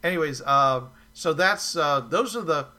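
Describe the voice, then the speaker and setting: Bright-toned man, rambling. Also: on the high side, expressive. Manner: rambling, halting with restarts. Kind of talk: casual chat.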